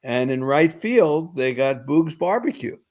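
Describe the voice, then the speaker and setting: A man's voice: mid-range voice, expressive, a little slow, darkish tone. Man reminiscing fondly about ballparks. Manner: nostalgic, fond reminiscing. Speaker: radio guest, baseball analyst. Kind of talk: casual sports talk.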